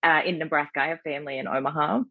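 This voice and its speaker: A woman's voice: low voice, steady tone, racing, no echo. An Australian woman who is an entrepreneur, a guest in an upbeat interview who laughs often. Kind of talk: casual interview. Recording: gravelly voice over tinny phone-like line.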